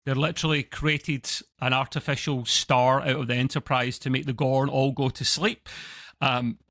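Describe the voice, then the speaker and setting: A man's voice: mid-range voice, little pitch movement, moderate pace, fairly bright tone, no echo. A man with a Scottish accent, co-hosting a casual review chat over a video call, rambling and correcting himself as he goes. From Scotland. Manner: rambling, self-correcting, chuckling asides. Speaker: co-host of a TV review show.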